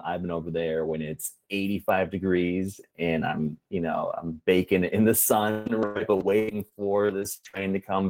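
A man with a very deep voice talks as a guest on an interview show. He explains his hobby earnestly and at a measured pace, with frequent ums and uhs. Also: darkish tone, low-quality recording. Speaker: guest, preservationist and rail fan. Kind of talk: casual interview answers.

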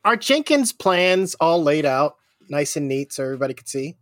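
A man playing a tabletop game, speaking quickly with some stammering. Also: a little high, sing-song, a bit bright, dry recording, studio quality. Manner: quick, hesitant. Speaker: player. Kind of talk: casual tabletop game play.

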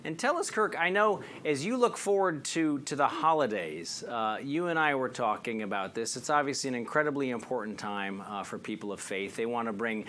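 A man's voice: medium pitch, lively intonation, moderate pace, few pauses, a bit bright. A man hosting an interview show, introducing a guest and asking questions with emphatic, indignant delivery. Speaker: show host.

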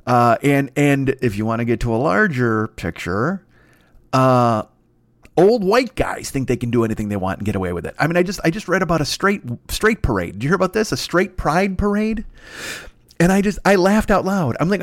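A man hosting a solo comedy podcast, ranting in a profane, exasperated way that climbs into high indignant bursts. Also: sing-song, fast talker, no echo, clean studio sound. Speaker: podcast host.

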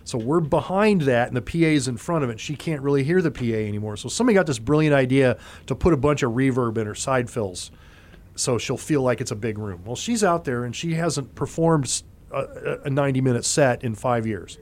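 A man, a former concert monitor engineer, telling stories in a relaxed interview and acting out other people's lines as he goes. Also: mid-range voice, a little fast. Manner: animated raconteur, acts out other people's lines. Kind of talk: casual storytelling in an interview.

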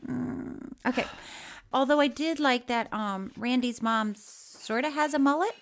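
A woman's voice: high voice, unhurried. A woman co-hosting a podcast in casual chat, reading listener mail in a playful, giggly way. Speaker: podcast co-host.

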